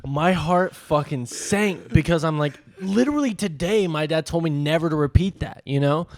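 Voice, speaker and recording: A Californian man co-hosting a comedy podcast, telling a childhood story in an animated, laughing way. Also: a little high, moderate pace, no room sound. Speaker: podcast co-host. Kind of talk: casual storytelling.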